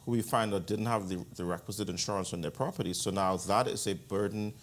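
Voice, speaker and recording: A man, speaking as a guest commentator in an interview, measured and deliberate with frequent restarts. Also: lowish voice. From Bahamas. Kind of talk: interview answer.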